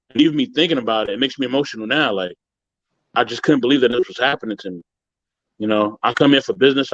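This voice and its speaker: A man on a video call earnestly recounting a hurtful experience, emotional and halting, often saying "you know". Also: medium pitch, dry recording, muffled recording. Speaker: guest sharing a story. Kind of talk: personal story on a video call.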